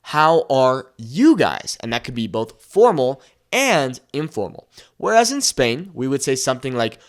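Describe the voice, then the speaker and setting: A young male tutor gives a pronunciation lesson with a lively, bouncing pitch. He keeps checking in with a quick "okay?" and drawls each example word slowly so it can be copied. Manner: checks in with "okay?" after nearly every point; slows and stretches example words to model them. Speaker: Spanish tutor.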